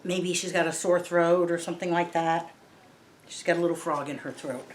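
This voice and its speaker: A woman's voice: fairly low pitch, steady tone, moderate pace, a little hiss or hum. A woman reading a picture book aloud to children, patiently explaining each word in simple terms. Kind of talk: read-aloud lesson for kids. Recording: roomy echo.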